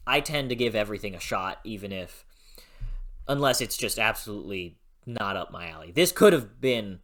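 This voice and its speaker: A casual book review vlog host with a bright, forward voice. The delivery is gushing and excitable, with frank, casual swearing as opinions tumble out. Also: medium pitch.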